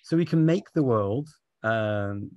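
A man's voice: on the low side, lively intonation, slow pace, a little mellow, dry recording, muffled recording. A man interviewing on a video call, friendly and agreeable, laughing easily. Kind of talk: conversational interview.

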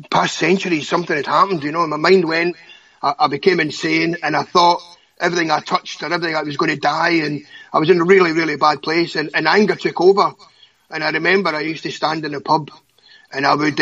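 A Scottish man in his fifties, a guest giving emotional personal testimony, halting and often repeating words. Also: on the high side, fairly bright tone, slightly rough. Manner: halting, repeats words, stammers when upset. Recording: dull lo-fi audio.

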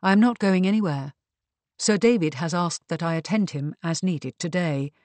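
A woman voicing a composed, grim gentleman who speaks in measured tones, in a storybook reading. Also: fairly low pitch, no room sound, close to an everyday voice. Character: composed gentleman officer, calm and dry.

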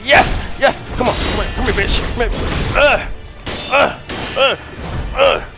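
A man, hosting a gaming channel and yelling, cursing and cheering through live gameplay commentary. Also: extremely high pitch, measured pace, gravelly, music in the background. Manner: loud, cursing, shouting at the game.

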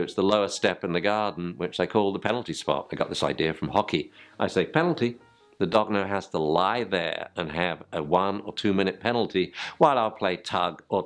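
An older man, teaching dog training informally and acting out yelps and spoken commands to dogs. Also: fairly low pitch.

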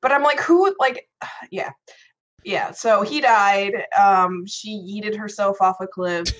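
A woman's voice: mid-range voice, slow pace, a bit bright, lo-fi sound. A woman voice actress chatting casually as a podcast guest, with a sassy, playful manner. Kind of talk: casual chat.

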